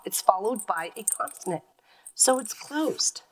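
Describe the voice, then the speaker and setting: A woman's voice: a little high, expressive, measured pace, poor audio. A woman teacher giving a phonics lesson to young children, patiently sounding words out letter by letter.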